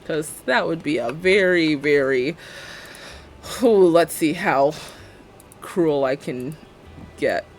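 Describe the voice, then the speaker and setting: A woman's voice: low-pitched, slow pace, pauses often, a little hiss or hum. A young woman live-streaming a building game, chatting casually and sarcastically and laughing often.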